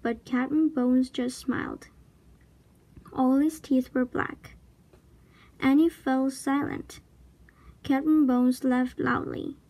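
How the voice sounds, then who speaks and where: A woman slowly reading a children's chapter book aloud, with deliberate storybook narration. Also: high voice, steady tone, warm tone. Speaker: reader.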